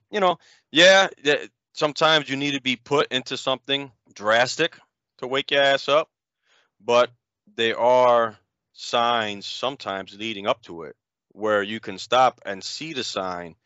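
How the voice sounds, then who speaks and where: A man's voice: medium pitch, unhurried, sharp tone, no echo, highs cut off. A man in a casual conversation, musing in a rambling, reflective way and often saying "you know".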